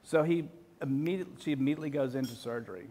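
A man in his forties telling a personal story in an emotional, halting way, full of restarts. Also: medium pitch, mellow, husky.

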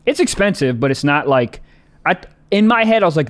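A man co-hosting a casual podcast chat, profane and animated, often jumping into high mock voices. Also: normal speed. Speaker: podcast co-host.

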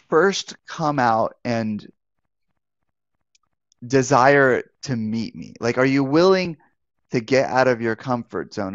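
In a dry, muffled recording, a man with a medium-pitched voice leads a live online Bible talk as a pastor; he also works as a life coach. His style is conversational, full of rhetorical questions and phrases he starts over.

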